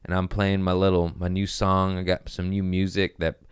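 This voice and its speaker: A man's voice: low-pitched, completely flat delivery, moderate pace, smooth, no room sound. A man hosting a comedy podcast, telling stories in a laid-back, slangy, profane way close to the mic. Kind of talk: casual storytelling chat.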